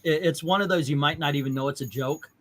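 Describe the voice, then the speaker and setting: A man's voice: a little high, fast, fairly bright tone. A man hosting a casual movie chat, reading out viewer comments and eagerly retelling favorite scenes. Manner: enthusiastic, retells scenes in detail. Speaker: host.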